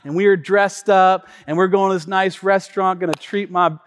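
A male pastor preaching in a chatty, animated storytelling way, full of asides and repetitions, heard in a reverberant church hall. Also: sits high, normal speed, a little hiss or hum. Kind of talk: storytelling sermon.

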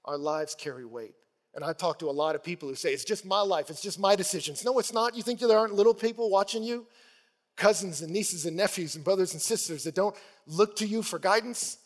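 A man preaching a sermon, telling stories in an animated, playful way and acting out the scenes. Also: high-pitched, brisk. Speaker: pastor. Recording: long hall reverb.

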